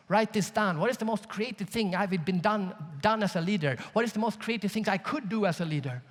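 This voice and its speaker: A man giving a conference keynote, telling a story with jokes and speaking straight to the audience. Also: high voice. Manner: animated, jokey, addresses audience directly. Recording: large hall reverb.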